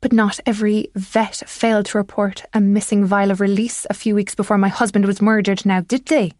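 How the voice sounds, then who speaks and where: A woman narrator voicing a sharp-tongued, scornful wealthy older widow and mother in an audiobook. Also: little pitch movement, brisk, dry recording, clean studio sound, close to an everyday voice. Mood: shrill. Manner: shrill and scornful.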